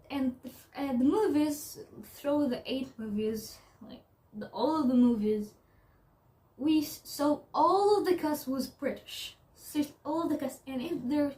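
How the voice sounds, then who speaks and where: Give me a young woman YouTuber chatting casually, a bit high-pitched, full of fillers and false starts. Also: a little mellow. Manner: halting, many "like" fillers and restarts. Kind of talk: casual vlog commentary.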